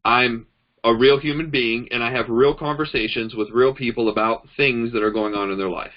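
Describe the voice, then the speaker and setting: The audio is dull, carrying a mid-range male voice at a moderate pace. He's a network marketing trainer giving a casual training talk indoors, showing things on a phone while he tells chatty, animated stories and acts out the dialogue.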